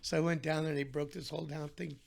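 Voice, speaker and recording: A middle-aged man, a podcast guest, telling his story in a casual interview in an animated way and acting out the voices of the people in it. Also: a little high, quick pace, vocal fry.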